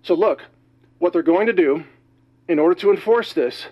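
A man's voice: sits high, animated, lo-fi sound. Breathless, alarmed male news ranter. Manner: rapid, alarmed, emphatic delivery. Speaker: news commentator. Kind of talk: urgent news monologue.

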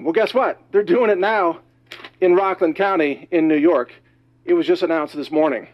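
Male commentator, high-ish voice, winded, urgent rapid-fire delivery, muffled lo-fi recording. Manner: rapid, alarmed, emphatic delivery. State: out of breath. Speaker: news commentator. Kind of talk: urgent news monologue.

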